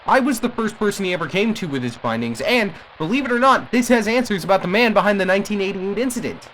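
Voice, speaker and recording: A man's voice: high-pitched, expressive, fast talker, a bit bright, a little hiss or hum, poor audio. A man playing a rambling, indignant radio caller. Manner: rambling, emphatic, with frequent restarts. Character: agitated male radio caller defending a cursed family. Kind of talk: audio drama monologue.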